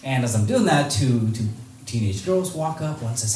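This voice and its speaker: A man tells a personal story to a live audience in a large hall, animated and slipping into the voices of the people he quotes. He sounds set back from the mic, and the room echoes around him with a little noise underneath. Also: medium pitch, normal speed, recorded from a distance. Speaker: speaker giving a talk.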